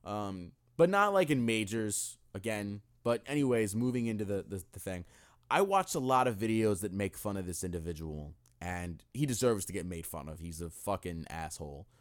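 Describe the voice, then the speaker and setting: A man's voice: lowish voice, normal speed. A young man co-hosting a podcast in a casual, profane, joking chat. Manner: animated, profane, jokey. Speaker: podcast co-host.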